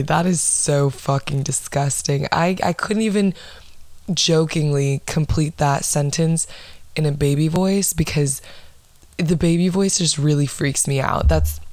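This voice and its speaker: Low, blunt, swearing young woman. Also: fairly even intonation, a little slow, a little mellow, dry recording. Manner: blunt, heavy swearing, dramatic asides. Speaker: podcast host. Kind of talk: casual profane storytelling rant.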